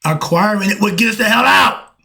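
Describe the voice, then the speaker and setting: A middle-aged man giving a preachy solo monologue, answering his own questions and breaking into shouts. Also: high voice, lively intonation, a little fast. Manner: coughs and clears throat. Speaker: street philosophy commentator.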